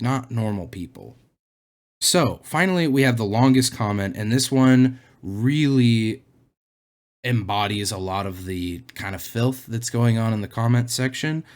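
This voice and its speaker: A young man talking through an unscripted commentary rant in an ordinary mid-range voice. He is sarcastic and exasperated, and his pitch leaps high when he gets incredulous. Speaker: anime commentary youtuber.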